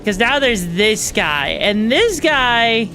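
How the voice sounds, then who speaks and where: A young woman streaming a video game, reacting excitedly, swearing freely and tossing in fillers and tag questions. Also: on the high side, takes it slowly, faint music behind. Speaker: VTuber streamer. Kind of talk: live gameplay commentary.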